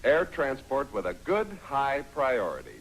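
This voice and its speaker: An actor playing a dry, quick-witted army sergeant in a 1950s film comedy who gives the orders. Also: male voice, mid-range voice, huge pitch swings, fairly bright tone, heavily acted, poor audio. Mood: wry. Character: wry, take-charge male army sergeant.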